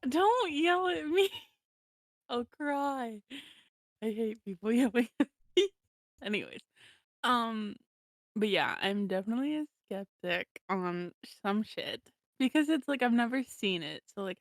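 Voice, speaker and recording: A woman's voice: medium pitch, dry recording, clean studio sound. A young woman co-hosting a casual podcast, giggling and rambling with lots of filler words. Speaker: podcast co-host. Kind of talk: casual chat.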